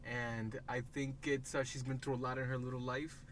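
A man's voice: medium pitch, flat delivery, normal speed, a bit bright. A man co-hosting a music reaction video, talking over an album in a laid-back, thoughtful way. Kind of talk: casual chat.

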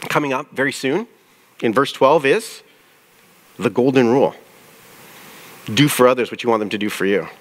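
A church pastor with a mid-range voice preaches a conversational sermon. He often puts questions to his listeners and reads scripture aloud slowly.

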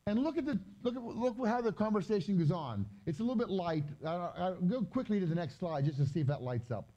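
A man giving a conversational Bible teaching with slides, reading scripture slowly and explaining it in loose, chatty asides. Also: high-pitched, animated, dark tone, highs cut off. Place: gathering hall during a live-streamed event.

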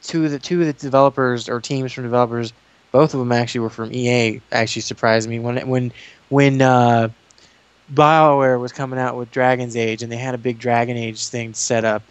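A man's voice: medium pitch, brisk, clear, resonant tone, no echo. Rambling man, dry sound. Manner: rambling, animated storytelling with restarts. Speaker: guest YouTuber. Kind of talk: casual interview chat.

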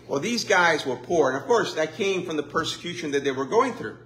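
A man preaching in a church with a fairly high voice. He keeps it conversational and adds lively asides and mock complaints. His pace shifts between slow emphasis and quick runs. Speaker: pastor. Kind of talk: sermon. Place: church sanctuary.

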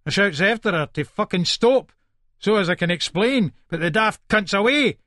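An actor with an Edinburgh Scots accent plays a volatile, foul-mouthed hardman narrating his own story in a first-person audiobook, speaking aggressively and swearing nonstop. The man's voice sits high with lively intonation, bright and forceful, at normal speed. The studio sound is clean, with no room sound.

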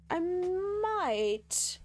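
Female game streamer, slow and relaxed, lively up-and-down delivery. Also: very high-pitched. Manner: chatty, laughing, thinking aloud while building. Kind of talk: casual live-stream chat while gaming.

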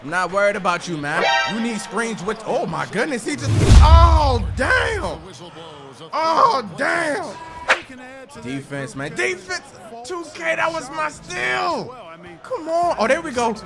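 A young man giving loud gameplay commentary, hyped and ranting, trash-talking the opponent as he plays. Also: extremely high pitch, big pitch swings, measured pace, creaky. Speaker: gaming YouTuber. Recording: game music playing behind.

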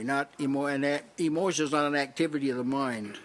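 A man preaching in a relaxed teaching style at a small house church, often checking in with "see?" and restarting his sentences. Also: medium pitch, fast. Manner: conversational teaching, frequent "see?" asides and restarts. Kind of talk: sermon.

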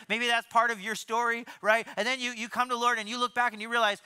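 A man giving a sermon as pastor, animated, often repeating and restarting words and acting out quoted voices. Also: very high-pitched, fast talker, hardly any pauses, clean tone. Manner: acts out quoted voices in his preaching.

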